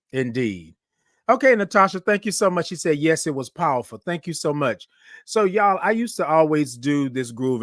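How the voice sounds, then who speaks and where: With a mid-range, fairly bright voice, this Houston, Texas livestream show host keeps things casual, upbeat, and effusive. He calls out viewers by name and reads their comments aloud, captured in a dry, studio-quality recording.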